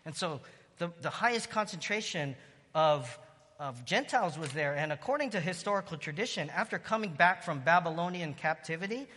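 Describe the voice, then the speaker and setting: A man preaching with a bright, fairly high voice that rings out in a long hall reverb. He teaches through the scripture in an even tone, then rises into loud calls of praise. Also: a little fast. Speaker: pastor. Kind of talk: sermon.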